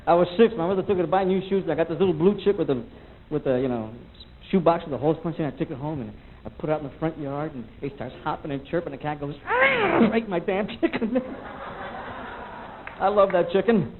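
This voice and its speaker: A middle-aged man doing a cranky, animated stand-up routine on a club stage, recorded on an old VHS tape. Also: on the high side, quick pace, narrow, tinny audio, a little hiss or hum. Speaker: stand-up comedian.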